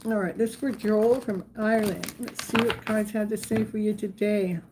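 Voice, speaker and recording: With a noisy background behind her, a woman in her sixties hosts a live tarot stream. She reads viewer comments and chats casually, laughs often, and slips into baby talk for her dog, her medium-pitched voice steady and at normal speed.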